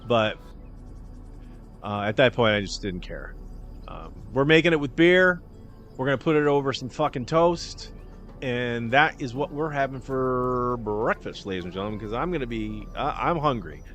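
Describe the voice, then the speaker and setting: A man's voice: mid-range voice, animated, normal speed, a bit bright, soft background music. A man hosting a casual cooking livestream, rambling and joking at his own expense, with the odd swear word. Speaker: livestream host. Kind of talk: casual cooking-show chat.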